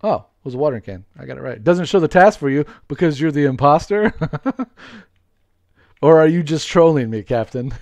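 Excitable man streaming a game live. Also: on the high side, moderate pace, no echo. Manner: excitable, greets viewers, laughs often. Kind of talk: live gameplay commentary with viewers.

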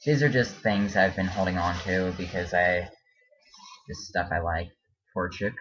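A man talking casually in a home vlog, hesitant and halting, with many ums and restarts. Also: deep voice, fairly bright tone. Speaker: vlogger. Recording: dull lo-fi home video.

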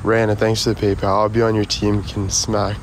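Male streamer, low voice, rambling and profane, recorded on a phone outside with loud street noise. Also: a little fast. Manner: profane, excitable, talks to chat. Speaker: livestreamer. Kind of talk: casual live stream chat. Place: outdoors near a road.

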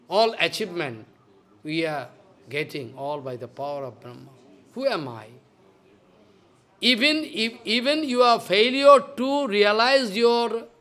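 High-voiced man giving an emphatic sermon. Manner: emphatic and scolding, swinging between loud and hushed. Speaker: spiritual teacher. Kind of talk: devotional lecture.

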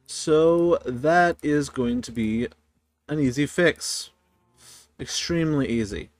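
A man's voice: medium pitch, no room sound. A man giving casual gameplay commentary, profane and easily exasperated, grumbling at the game as he plays. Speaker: gaming YouTuber.

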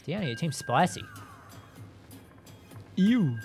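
A live game streamer giving excitable commentary while playing, laughing and taunting opponents and chatting with viewers. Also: mid-range voice, slow pace. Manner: chats with viewers and thanks them. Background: game music.

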